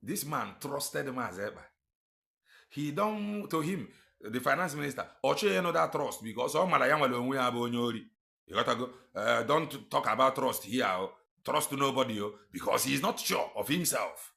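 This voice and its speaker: Man, Nigerian accent, gravelly voice, bright tone, mocking commentary. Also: medium pitch, lively intonation, normal speed. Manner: mocking, emphatic, repeats phrases. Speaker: commentator reacting to a played recording. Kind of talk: commentary mixing Igbo and English.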